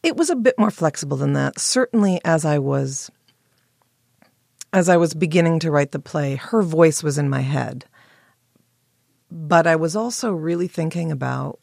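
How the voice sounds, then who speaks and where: A woman playwright, hoarse with morning voice, clearing her throat and answering interview questions thoughtfully with pauses and restarts. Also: sits low, darkish tone, no room sound, studio quality. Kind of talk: interview guest.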